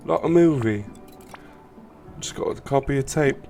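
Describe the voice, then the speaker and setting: A man voicing an excited, pushy young man in a video game, trying out an accent as he reads the lines aloud. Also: medium pitch, unhurried, gravelly, faint music behind, pitched above the performer's own voice. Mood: eager.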